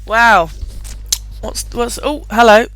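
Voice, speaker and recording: A woman's voice: fairly high pitch, slow pace, a bit bright, soft background music. A woman hosting a live online webinar. She talks in an upbeat, chatty way, laughs often and uses plenty of fillers. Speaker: webinar host.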